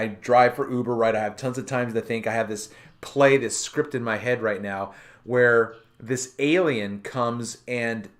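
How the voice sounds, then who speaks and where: A man's voice: medium pitch, a bit bright. A man hosting a casual online talk show, rambling and thinking aloud with many restarts. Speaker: podcast host. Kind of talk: casual chat.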